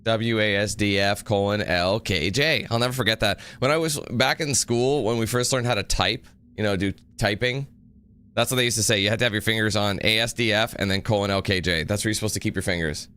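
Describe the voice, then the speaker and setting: A man's voice: lowish voice, brisk, bright, forceful tone, clear, resonant tone. A young man giving casual, rambling gameplay commentary, greeting viewers and laughing easily. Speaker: gaming YouTuber. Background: music.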